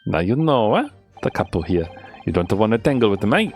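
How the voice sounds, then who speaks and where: A man's voice: fairly low pitch, big pitch swings, fairly quick, a little mellow, soft background music, voice pushed up. A man putting on a shady witness with a hammy foreign accent. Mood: indignant. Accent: put-on foreign accent. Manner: theatrical, sing-song, pleading with 'eh?' tags. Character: excitable shady male witness, middle-aged.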